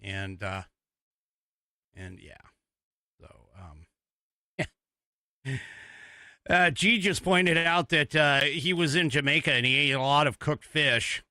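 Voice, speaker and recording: A man's voice: fairly high pitch, animated, slow pace, pauses often, pushed and bright, no echo, clean studio sound. A man from the United States hosting a live podcast, talking in a rambling, chatty way with lots of fillers and restarts. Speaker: host. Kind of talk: live-stream podcast talk.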